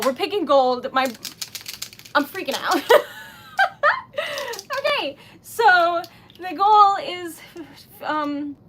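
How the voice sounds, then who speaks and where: High-voiced woman chatting slow on a craft stream, giggly and flustered, faint rumble behind. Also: bright, forceful tone. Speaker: livestream host making wax seal stickers. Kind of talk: casual livestream chat.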